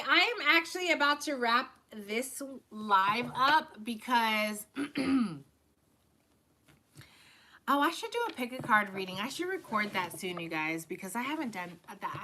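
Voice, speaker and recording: Woman host of a live tarot stream: very bright, keen tone, loose chatty delivery, swears freely. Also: medium pitch, expressive, unhurried. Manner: loose and chatty, heavy on "like", swears and laughs often. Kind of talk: casual live-stream chat.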